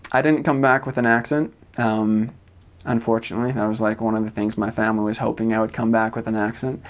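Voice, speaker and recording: A young man from the United States, chatting casually as a vlogger, with loose, rambling talk full of fillers and soft laughs. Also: lowish voice, little pitch movement, fast talker. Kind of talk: casual chat.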